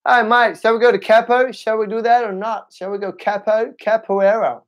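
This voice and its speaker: A man's voice: sits high, fairly even intonation, normal speed, pitched above the performer's own voice, close to an everyday voice. A man voicing a laid-back, friendly Australian bloke with a drawling, jokey Australian accent.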